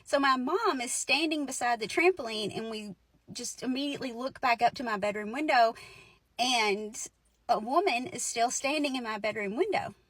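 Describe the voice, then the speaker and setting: Chatty woman in her forties, bright-pitched. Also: normal speed, no room sound. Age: 40s. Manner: chatty, lots of "like" and "right?", laughs through lines. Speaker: host telling her ghost stories. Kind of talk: casual spoken storytelling.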